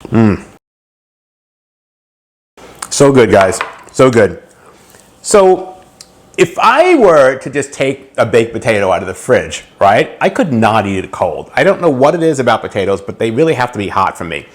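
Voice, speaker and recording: A man's voice: medium pitch, very animated, brisk. A man hosting a cooking video, casually explaining a recipe step by step and then tasting it. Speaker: cooking channel host.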